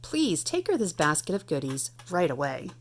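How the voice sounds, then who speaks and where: A caring mother vehicle from a children's picture book, earnest and motherly. A woman reading aloud voices her close to her own lowish voice. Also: big pitch swings, normal speed, a little hiss or hum. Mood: worried.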